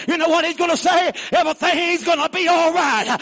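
A man in his sixties preaching a sermon in a church, laughing often and shouting in call-and-response with the congregation. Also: extremely high pitch, moderate pace, few pauses, big-room sound. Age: 60s.

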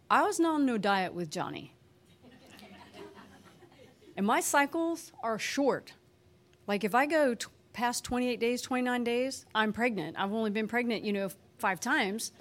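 A woman telling an emotional personal testimony, animated and expressive, acting out what people said. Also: fairly high pitch. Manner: animated, expressive, acts out quotes. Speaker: speaker sharing a personal testimony.

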